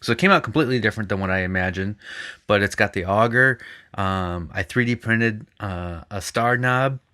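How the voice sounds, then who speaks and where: A man's voice: on the low side, moderate pace, pushed and bright. A man co-hosting a podcast, chatting in an easygoing way with many filler ums. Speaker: podcast co-host. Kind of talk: casual chat.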